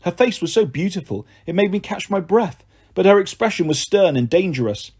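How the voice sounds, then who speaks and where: Male audiobook narrator, lively pitch, husky tone, slightly high. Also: fairly quick. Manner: expressive storytelling.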